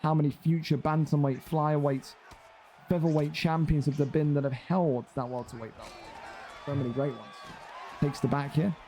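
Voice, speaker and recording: A young man doing play-by-play commentary on a fight game, excitable and climbing high and loud on big moments. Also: moderate pace, a little hiss or hum.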